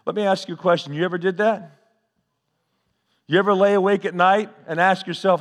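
A man preaches a sermon with a voice pitched high for a man. He questions the congregation and swells and drops his delivery. A long reverb from the church hangs behind every line. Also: fairly even intonation, brisk. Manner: preacher's call-and-response, rising and falling delivery. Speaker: pastor.

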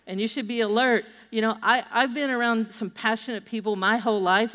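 A middle-aged woman preaching a sermon, telling stories with animated energy and urging her listeners on. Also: mid-range voice. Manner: animated storytelling, exhorting the audience. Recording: long hall reverb.

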